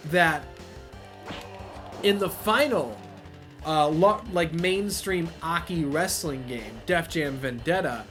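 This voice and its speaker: Excitable man shouting wrestling game play-by-play. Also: on the high side, slow pace, faint music behind. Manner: casual, swears and laughs often. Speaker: let's play host. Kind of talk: video game commentary.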